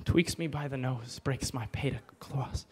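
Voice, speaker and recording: A man performing a brooding, self-reproaching young prince as a stage soliloquy at a bookstore open mic, swinging between hushed lines and loud outbursts. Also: medium pitch, a little slow, breathy edge. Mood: furious.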